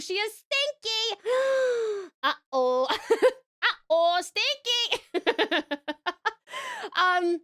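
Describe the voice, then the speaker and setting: A bubbly Australian woman hosts a casual live stream in a bright, high voice. Her pitch leaps all over as she gushes to viewers, filling the gaps with ums. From Tasmania, Australia. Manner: bubbly, gushing, many ums. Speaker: streamer and artist.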